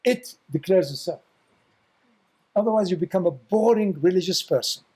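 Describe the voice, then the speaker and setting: A man's voice: sits high, expressive, moderate pace, a little mellow, slightly rough, rough recording. A man giving an informal spiritual talk as a Sufi teacher, telling stories with blunt, teasing remarks and repeating words for emphasis.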